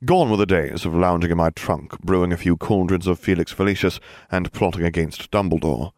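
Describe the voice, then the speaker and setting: A man's voice: deep voice, brisk, a little mellow, no echo. A man narrating a story in a dry, wry manner for an audiobook.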